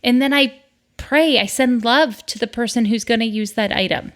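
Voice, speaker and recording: A woman's voice: fairly high pitch, normal speed, fairly bright tone. A middle-aged woman from the northern United States hosting a solo podcast, chatty and upbeat, with asides. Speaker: podcast host.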